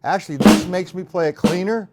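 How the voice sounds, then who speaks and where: A man's voice: high-pitched, brisk, loud music behind the voice. A middle-aged man teaching drum rudiments on a live stream, counting beats aloud and chatting casually with viewers. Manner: counts beats aloud over his own drumming, chatty asides to viewers. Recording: loud drum kit playing alongside the voice.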